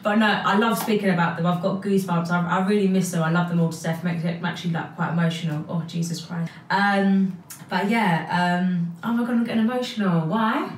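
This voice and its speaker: A young woman talks straight to camera about her family, chatty and open, her voice on the lower side. She sits back from the mic in an echoey room. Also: steady tone, fairly quick, recorded from a distance, slight background noise. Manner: chatty, emotional, says "like" a lot. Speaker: vlogger. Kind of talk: personal vlog talk to camera.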